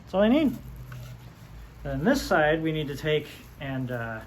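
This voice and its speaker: With a medium-pitched, sing-song voice at a measured pace, a DIY host chats casually in a workshop, joking and thinking aloud while building. It's an easygoing how-to talk, and the recording picks up a lot of workshop noise.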